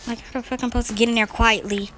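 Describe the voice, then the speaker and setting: A woman giving live commentary on a horror game, excitable and cursing, yelling when frightened. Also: fairly high pitch, racing, noisy background. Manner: talks to herself and the viewers. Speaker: gaming video host. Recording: clear music playing behind.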